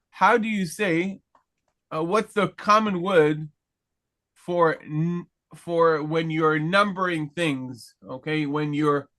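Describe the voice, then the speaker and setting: A man's voice: fairly high pitch, a bit bright. A man teaching a Hebrew grammar class to students, explaining patiently, checking in with "okay?" and asking the class questions. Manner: slow deliberate pace with many pauses and restarts.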